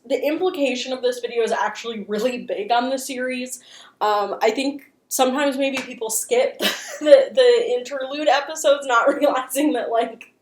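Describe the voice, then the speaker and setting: A woman's voice: a little high, reverberant. A woman giving a casual, joking commentary recap as a channel host, swearing freely and full of fillers.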